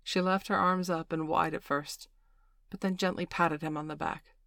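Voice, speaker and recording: A woman narrating an audiobook in a steady, even storytelling manner. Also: low-pitched, normal speed, creaky, no echo, studio quality.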